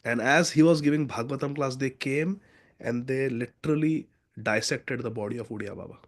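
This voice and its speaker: A man's voice: medium pitch, a little fast. A man teaching a devotional scripture class, telling stories and acting out the quoted lines.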